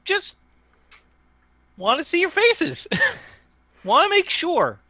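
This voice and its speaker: A man's voice: huge pitch swings, drawn-out words, sharp tone, dry recording, exaggerated voice. A man putting on a small tinny voice. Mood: coaxing. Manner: high tinny pleading voice.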